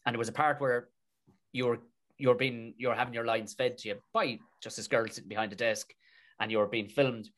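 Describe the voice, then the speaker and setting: A mid-pitched man from Tipperary speaks with a broad Irish accent in a relaxed interview. He tells his story loosely, swearing often and circling back over half-finished phrases with lively energy. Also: normal speed. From Tipperary, Ireland. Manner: swears freely, rambling with restarts, animated. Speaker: guest, comedic actor.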